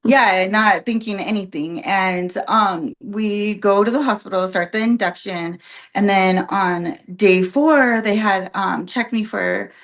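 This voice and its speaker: A woman's voice: mid-range voice, slow. Chatty young woman telling a story. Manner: chatty, many "like" and "um" fillers, acts out quotes. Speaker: podcast guest. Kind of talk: casual storytelling.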